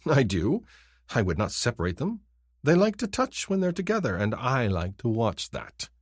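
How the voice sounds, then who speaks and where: A man's voice: medium pitch, wildly swooping pitch, normal speed, no room sound, studio quality, voice pushed up. A man voicing a creepy male alien exile in a storybook, mocking and sing-song. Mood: leering.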